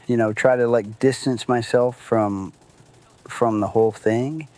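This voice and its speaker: A man's voice: mid-range voice, steady tone, measured pace, a little mellow. A man telling a true story from his own life in a loose, casual way, swearing and acting out what people said. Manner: loose and conversational, many fillers, swears, acts out quotes.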